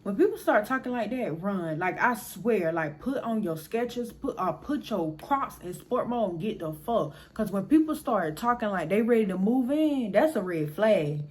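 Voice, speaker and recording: Blunt, animated woman telling a storytime. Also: medium pitch, moderate pace, hardly any pauses. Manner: animated, blunt and profane, talks straight to the audience. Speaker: storyteller vlogger. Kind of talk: casual storytime monologue.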